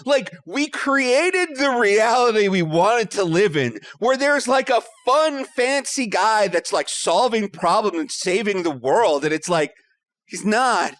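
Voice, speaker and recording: A man chatting casually as a podcast panelist, animated and emphatic, swearing freely. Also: high voice, a little slow, no echo.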